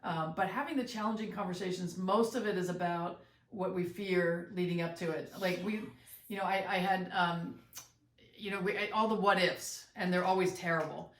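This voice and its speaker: Middle-aged woman, podcast co-host, reflective and halting, heard at a distance in a roomy space. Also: fairly low pitch, fairly even intonation. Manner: reflective, halting with fillers and restarts. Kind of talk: casual chat.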